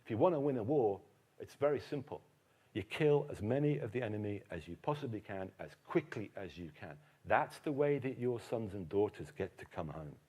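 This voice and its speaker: A man giving a lively public lecture on history, telling stories emphatically. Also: lowish voice, fairly quick, slightly rough. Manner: animated storyteller, emphatic. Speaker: keynote speaker, historian.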